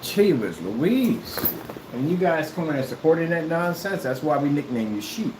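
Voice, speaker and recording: A man's voice: a little high, a little fast, reverberant, noisy background. A man ranting in a callout video, combative and mocking, who keeps repeating himself. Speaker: YouTuber.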